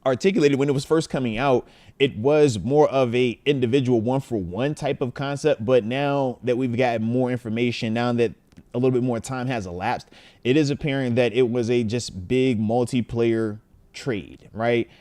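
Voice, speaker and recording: A man in his thirties hosting a casual livestream from home, animated as he reads out fan messages. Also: mid-range voice, clear, resonant tone, no echo. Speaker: host.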